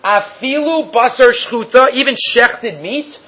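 A man teaching a Talmud class, animated and sometimes halting, acting out quoted voices. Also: very high-pitched, low-quality recording. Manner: animated, acts out quotes in raised voice; halting with fillers and restarts.

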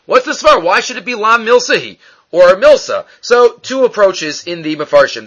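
High bright-voiced man teaching Talmud. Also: lo-fi sound. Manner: asks and answers his own questions. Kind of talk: Talmud class lecture.

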